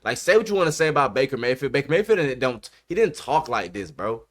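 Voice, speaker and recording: Podcast host, man, mid-pitched, emphatic, repeats his points, slangy casual sports talk. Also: very animated, quick pace, fairly bright tone. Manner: emphatic, repeats himself, says bro a lot.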